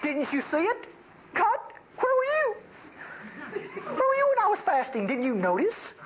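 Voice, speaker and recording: A man's voice: huge pitch swings, normal speed, heavily acted. A male preacher voicing a whiny, self-pitying religious man complaining to God, in a dull lo-fi recording. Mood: whining. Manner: high, self-pitying and mocking. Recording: dull lo-fi recording, faint noise.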